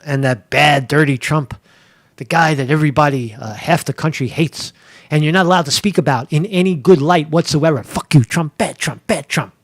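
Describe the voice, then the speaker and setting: A man's voice: on the high side, moderate pace. A man from Pennsylvania hosting a live show, talking in a rambling, sarcastic way and swearing freely. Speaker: host.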